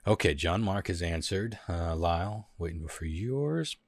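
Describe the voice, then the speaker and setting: A man hosting a music lyrics quiz in a casual podcast, playful and quick to laugh. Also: animated, no echo. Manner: playful, laughs often, sings lyrics in a high falsetto. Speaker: host running a lyrics quiz.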